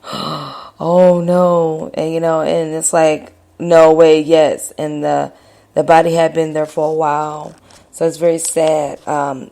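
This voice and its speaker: A low-pitched woman with a gravelly, creaky edge to her voice tells a personal story at an unhurried pace. She rambles and hesitates, filling gaps with ums and uhs and restarting her sentences, like a podcast host chatting to her subscribers.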